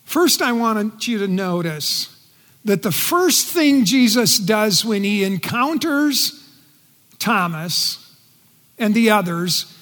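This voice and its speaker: A man preaching a sermon in earnest, his voice dropping soft and quiet when he speaks quoted words. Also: high voice, lively intonation, slow. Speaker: pastor. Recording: long reverb in a large hall.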